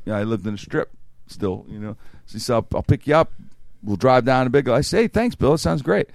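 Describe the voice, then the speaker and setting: Guy with a raspy voice telling a story, lots of ups and downs, dry close mic. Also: medium pitch, animated, a little fast, no room sound. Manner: acts out quoted lines, laughs through punchlines. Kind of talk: casual chat, animated storytelling.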